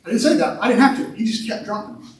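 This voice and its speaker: High-voiced preaching pastor, man, in an echoey church. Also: racing. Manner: animated preaching, repeats words, swings between loud and quiet. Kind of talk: sermon. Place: church sanctuary. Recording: echoey sanctuary, mic at a distance.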